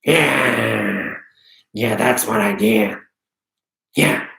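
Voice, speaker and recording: A man's voice: lowish voice, very slow, gravelly, a bit bright, echoey room. A man hosting a casual live-stream Q&A as an actor, chatty and rambling with many hesitations. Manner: rambling, hesitant, full of ums.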